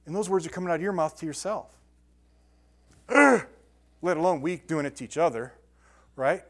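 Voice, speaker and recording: A man's voice: fairly high pitch, lively intonation, moderate pace, fairly bright tone. A man preaching to a congregation, talking casually with restarts and then reading scripture with rising emphasis. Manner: conversational, repeats words and restarts, builds to emphatic scripture reading. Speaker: pastor. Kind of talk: sermon.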